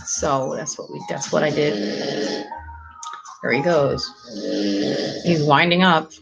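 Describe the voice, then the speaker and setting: A woman's voice: low voice, steady tone, slow, vocal fry, loud music behind the voice, poor audio. A middle-aged woman hosting a casual live chat with viewers, rambling and laughing often. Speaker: livestream host.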